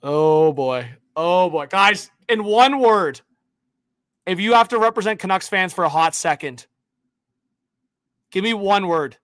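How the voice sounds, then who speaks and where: A man hosting a hockey livestream, ranting casually with slang and swinging between muttering and shouting in disbelief. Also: sits high, lively intonation, measured pace, pauses often, no echo. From Canada. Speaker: hockey YouTube livestream host. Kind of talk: live-stream hockey rant.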